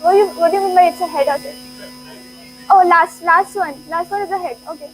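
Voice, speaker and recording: A woman's voice: very high-pitched, steady tone, fairly quick, slight background noise, low-quality recording. A woman giving an interactive classroom lecture, playful, laughing often and urging the students on. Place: lecture hall.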